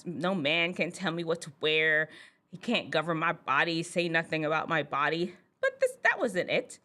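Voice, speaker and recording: Woman host, low-set but bright and lively voice, chatty storyteller who laughs easily, talking straight to teens. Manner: animated, chatty, laughs often. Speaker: host, physician. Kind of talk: casual storytelling monologue to teens.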